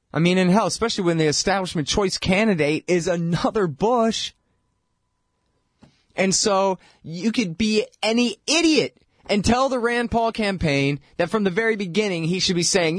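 A man hosting a talk show, giving a sarcastic, animated political monologue that is full of mocking impressions. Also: no room sound, clean studio sound. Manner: animated, rising pitch when exasperated. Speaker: radio host.

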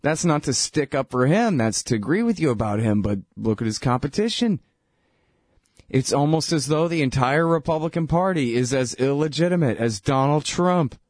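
Animated and on the high side, with a darkish tone, a man talks politics at a normal speed, sardonic and casual, laughing at what he says. He peppers everything with "dude" and "man," and the clean studio sound has no echo.

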